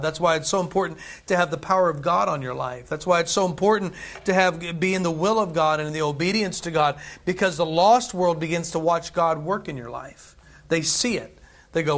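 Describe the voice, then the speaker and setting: Casting: male pastor with a fairly high voice, loose sermon delivery, repeats himself for emphasis. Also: a little fast. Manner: conversational, repeats phrases, tosses in "right?" and "amen".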